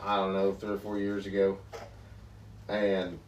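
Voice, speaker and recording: A man's voice: low-pitched, a little slow. A man on a live podcast, swapping hunting tales with a buddy. He tells them with gusto, breaking into laughs, and his voice comes from a little way off in an echoey room, with a faint hum behind. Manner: animated storyteller, laughs and yells mid-story. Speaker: podcast co-host. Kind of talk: casual hunting stories. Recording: roomy, distant mic, faint background noise.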